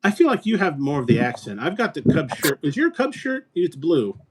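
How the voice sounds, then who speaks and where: Fast-talking man, rambling casual chat. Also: a little high, sing-song, darkish tone, slight background noise. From Illinois. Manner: rapid, rambling, joking. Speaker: host.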